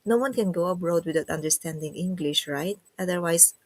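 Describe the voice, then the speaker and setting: A woman's voice: fairly low pitch, brisk, a little mellow, no echo. A woman with a Filipino accent hosting a casual livestream, chatting and reading viewer comments aloud. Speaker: livestream host.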